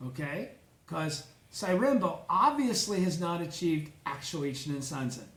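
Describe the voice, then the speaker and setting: Guy teaching a study group, pretty high voice, slow emphatic bits, echoey room. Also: expressive. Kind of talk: reading and explaining scripture to a group.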